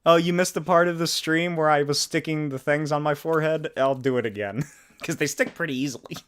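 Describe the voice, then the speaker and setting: A man's voice: a little high, a little fast, fairly bright tone, clean tone. A man hosting a comics livestream, giggly and joking in casual chat, swearing casually. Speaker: comics channel host.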